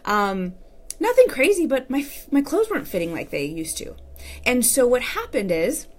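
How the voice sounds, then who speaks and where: A woman's voice: fairly high pitch, very animated, normal speed. Woman, relationship coach, casual live stream, direct and candid, talking to viewers.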